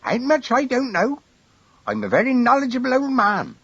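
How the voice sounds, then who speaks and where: A tiny old rustic bird catcher, shrill. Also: male voice, normal speed, breathy edge, no echo, lo-fi sound, exaggerated voice. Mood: boastful. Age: older. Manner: high-pitched trumpeting, excited.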